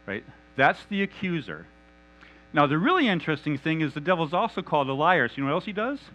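A man preaching a sermon in an animated, conversational and humorous manner. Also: on the high side, fast talker, highs cut off.

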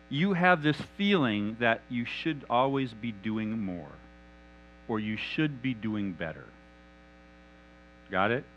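A man preaching a sermon in an animated, conversational and humorous manner. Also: medium pitch, dull audio.

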